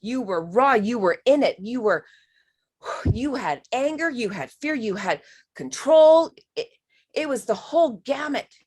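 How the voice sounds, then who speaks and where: A woman's voice: a little high, animated, a little slow, darkish tone, husky. A woman giving a spiritual healing reading on a live stream, talking frankly and emphatically, swearing now and then and calling the listener honey.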